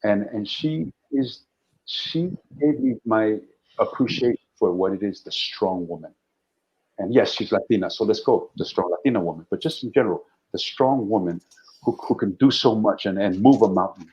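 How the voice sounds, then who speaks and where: A man's voice: fairly low pitch, moderate pace, a little mellow, lo-fi sound. A man, an actor and guest, talking animatedly in a casual interview and often repeating words.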